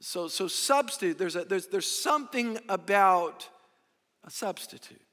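Male pastor, high voice, emphatic sermon delivery, long church-hall reverb. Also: animated. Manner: emphatic, drawn-out stressed phrases, swings between loud and hushed.

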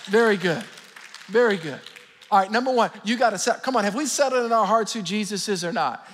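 A man's voice: high-pitched, fast, fairly bright tone, slight background noise. A middle-aged man preaching a sermon as pastor, fervent and calling out to his congregation. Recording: long hall reverb with faint music.

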